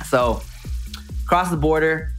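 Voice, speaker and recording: A male comedian telling a story in an animated, rambling, self-mocking way. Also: on the high side, slow, soft background music. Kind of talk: comic storytelling.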